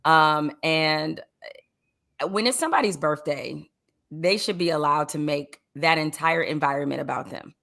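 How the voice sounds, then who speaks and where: A woman's voice: low voice, normal speed, vocal fry, a bit bright. Woman co-host musing with rhetorical questions. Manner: reflective, with emphatic rhetorical questions. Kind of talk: casual chat.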